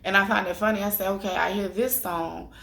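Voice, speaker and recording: A woman in her thirties telling a personal story to her viewers in an emotional, chatty way, tearful after crying, with many pauses. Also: mid-range voice, fairly even intonation, creaky, fairly bright tone. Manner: conversational, addresses viewers directly, drawn-out filler pauses. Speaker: spiritual vlogger. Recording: echoey room.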